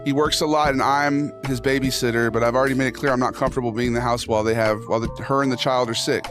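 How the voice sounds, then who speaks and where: A mid-range, steady-toned man talks rapid-fire while running a casual livestream. He reads posts aloud and banters with chat in a jokey, profane way over instrumental music.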